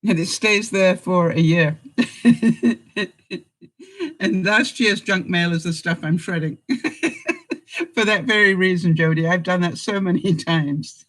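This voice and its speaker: A woman's voice: on the low side, lively intonation, slow, pauses often, a bit bright, low-quality recording. An older woman hosting a casual live-stream chat, talking straight to her viewers and laughing often. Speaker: vlogger host.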